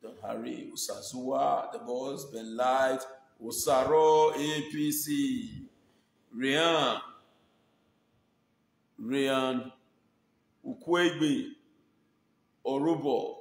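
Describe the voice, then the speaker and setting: A man's voice: medium pitch, drawn-out words, creaky, long pauses, reverberant. A Nigerian man chatting casually and thanking his viewers by name, mixing Pidgin with English. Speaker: online video host. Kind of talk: casual shout-outs to viewers.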